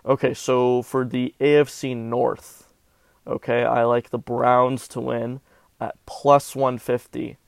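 A man's voice: mid-range voice, level tone, slow pace, creaky, no room sound. A man from Southern California hosting a casual sports betting podcast, talking animatedly with melodramatic, self-mocking complaints about his bets.

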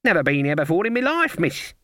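A man voicing a stern, proud older witch in an audiobook, sharp and scolding. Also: fairly high pitch, big pitch swings, fast talker, no room sound, clean studio sound, pitched above the performer's own voice. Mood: brisk. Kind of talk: audiobook character voice.

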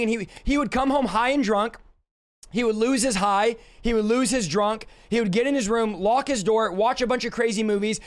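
Hoarse man, very high voice, fervent repetitive preaching on a live stream. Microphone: streaming setup reading live chat.

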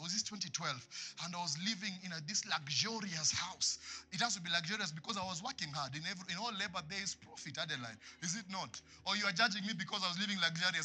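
A man preaching a sermon in church, swinging from loud passionate lines to hushed ones. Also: sits high. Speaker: pastor.

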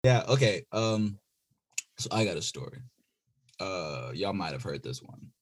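A young podcast co-host with a deep voice and measured pace tells a story in casual chat. He's animated and acts out the voices of the people in it.

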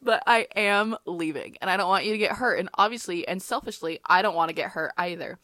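A woman's voice: fairly low pitch, fairly quick, bright, forceful tone, no echo. A young woman co-hosting a podcast, reading her own teenage fan fiction aloud and breaking off for wry, self-mocking asides. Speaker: podcast co-host.

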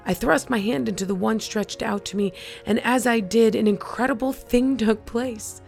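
Lady host reading a story slow and thoughtful, bit of vocal fry, faint music behind. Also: medium pitch. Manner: slow, reflective and earnest. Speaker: podcast host. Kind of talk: reading a first-person story aloud, then reflective chat.

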